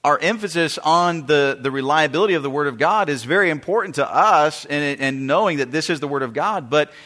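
A man's voice: on the high side, animated, a little fast, sharp tone. A man preaching a sermon in an earnest way, often restarting phrases and asking the congregation questions. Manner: earnest, repetitive, asks the audience questions. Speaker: pastor. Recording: long hall reverb.

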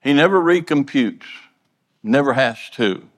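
A man's voice: mid-range voice, lively intonation, unhurried, long reverb tail. A man preaching a sermon in a plainspoken, folksy way, earnestly repeating and stumbling over words.

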